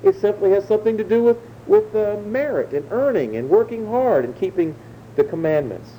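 Male pastor, dark mellow tone, measured verse-by-verse sermon delivery, slight rumble behind. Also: very animated, low-quality recording. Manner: measured teaching, slowing to stress key words.

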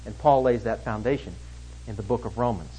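A man preaching an expository sermon, emphatic, swinging between loud stresses and hushed lines. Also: on the low side, brisk, breathy edge, faint music behind, low-quality recording.

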